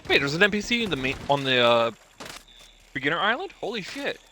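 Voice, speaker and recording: A man's voice: a little high, big pitch swings, brisk, pushed and bright, slight background noise. A man chatting casually with a friend while they play a game together, laid-back and matter-of-fact. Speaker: co-player on a game stream. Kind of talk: casual gameplay chat.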